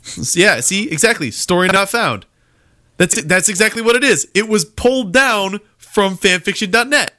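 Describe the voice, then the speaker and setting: A man's voice: high-pitched, expressive, normal speed, sharp tone, no echo, studio quality. A young man hosting a casual online comedy show, rambling and stammering, laughing often. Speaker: host.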